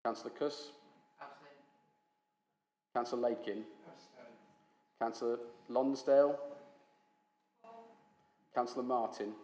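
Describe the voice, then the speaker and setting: Council officer, male, brisk formal roll call, echoey chamber. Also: mid-range voice. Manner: steady, brisk reading of names.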